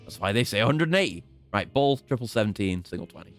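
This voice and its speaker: Jokey male streamer with lively pitch. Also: fast talker, soft background music. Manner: jokey, playful trash talk. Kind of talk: casual gameplay commentary.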